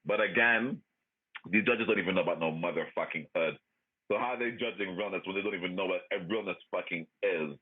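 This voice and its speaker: A man hosting a livestream, chatting and ranting in a loud, profane, sassy way with frequent laughs. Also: low voice, fairly quick, breathy edge. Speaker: livestream host. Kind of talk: casual chat, ranting. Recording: tinny phone-like audio.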